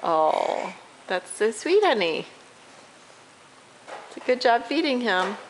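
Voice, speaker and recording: A woman's voice: a little high, big pitch swings, slow pace. A mother playing at home with her toddler, praising and coaxing her in a sing-song way, on a home video. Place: home room with toys. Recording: noisy home camcorder recording.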